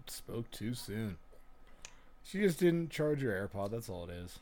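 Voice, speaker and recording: A man's voice: medium pitch, very animated, unhurried, mellow. A man co-hosting a casual movie watch-along podcast, making profane wisecracks about what is on screen. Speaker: podcast co-host.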